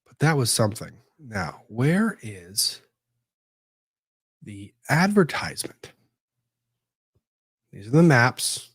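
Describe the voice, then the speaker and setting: A man's voice: medium pitch, big pitch swings, slow pace, pauses often, husky, no room sound, studio quality. A man hosting casual legal commentary, talking to himself as he hunts for documents and rambles on. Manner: rambling, talks to himself while searching documents. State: disorganized after moving.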